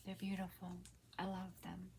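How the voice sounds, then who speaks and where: A woman in her sixties hosting a casual craft unboxing, soft-spoken and often hushed, with gasps of delight. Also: fairly low pitch, monotone, normal speed, vocal fry, slight background noise. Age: 60s. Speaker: crafter and channel host.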